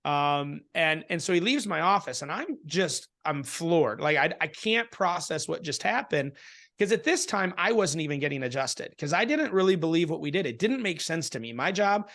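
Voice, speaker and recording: Animated man telling a story. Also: fairly high pitch, normal speed. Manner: animated storyteller, many restarts, acts out quotes. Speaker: interview guest. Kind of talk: casual storytelling in a conversation.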